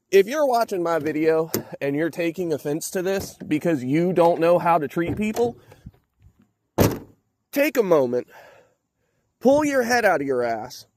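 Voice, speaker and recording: A man's voice: high-pitched, darkish tone, no echo. A man, swearing and threatening in a heated rant to his vlog audience, then talking casually about his truck project. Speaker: vlogger, truck project owner. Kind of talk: angry rant to camera.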